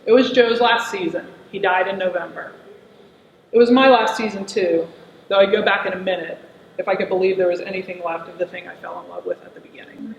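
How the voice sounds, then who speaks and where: A man's voice: sits high, steady tone, fairly quick, creaky, a little hiss or hum. A middle-aged man performing an autobiographical monologue in a wistful, reflective storytelling manner. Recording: echoey, slightly dull room recording.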